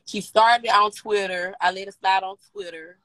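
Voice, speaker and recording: A woman's voice: medium pitch, fairly even intonation, normal speed, fairly bright tone, no room sound, low-quality recording. A woman telling a story in blunt, heated, casual talk, swearing constantly. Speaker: storyteller recounting a fight.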